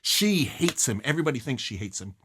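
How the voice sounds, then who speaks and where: Earnest man explaining with lively emphasis. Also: medium pitch, fairly quick, background noise. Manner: earnest, emphatic, rises sharply on key phrases. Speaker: study guide presenter. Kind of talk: explaining a novel's scene and song lyrics.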